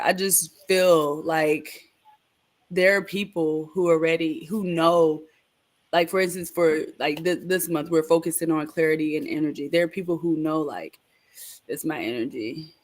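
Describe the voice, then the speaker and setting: A woman's voice: low voice, fairly even intonation, normal speed. Upbeat motivational woman co-host. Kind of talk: casual live-stream chat.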